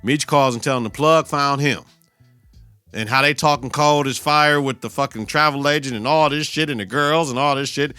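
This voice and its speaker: A bright, forceful male voice recorded dry and close, with faint music underneath. He recaps a TV episode in loose, slangy, profane talk. He keeps arguing with the characters as he goes. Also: mid-range voice, normal speed, clean tone, no echo. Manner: profane, slangy, talks back at the screen. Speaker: podcast host.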